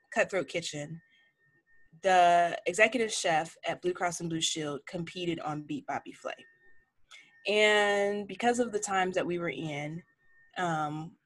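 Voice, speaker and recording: A woman of forty, a chef, telling stories frankly in a casual interview and acting out what people said. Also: lowish voice. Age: 40s. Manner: frank, animated storytelling with acted-out quotes. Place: home office lined with cookbooks.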